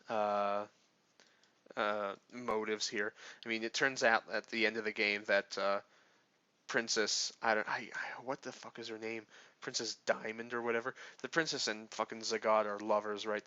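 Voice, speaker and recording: A man's voice: lowish voice, sharp tone, dry recording. A man rambling through casual game commentary, swearing often and full of fillers and restarts. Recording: dull lo-fi, dry sound.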